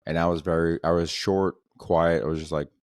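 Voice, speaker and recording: A man's voice: deep voice, flat delivery, brisk, a little mellow, dry recording, studio quality. A man hosting a podcast, telling comedic stories in a casual, profane, slangy way that keeps coming back to "dude". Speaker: podcast host.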